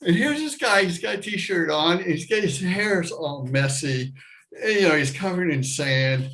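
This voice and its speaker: Animated American man telling a story. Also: unhurried, poor audio. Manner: animated, acts out his younger self and others with loud high shouts. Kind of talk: live personal storytelling.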